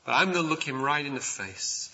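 A man preaching a sermon as a pastor, building from quiet passages to loud, impassioned outbursts. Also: on the high side, animated, a little fast, breathy edge, long reverb tail, lo-fi sound.

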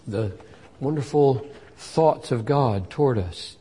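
A man's voice: medium pitch, slow, slightly rough. Earnest older man preaching in a hall. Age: 60s. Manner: earnest and animated, voice rising for quoted scripture. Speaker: pastor. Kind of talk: sermon. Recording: long hall reverb.

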